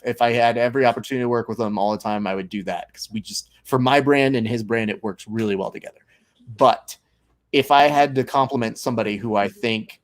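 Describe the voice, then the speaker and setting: Talkative American host, mid-pitched. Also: male voice. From United States. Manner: earnest, talkative, quick to laugh. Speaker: podcast host and grappling commentator. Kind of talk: casual watch-along chat.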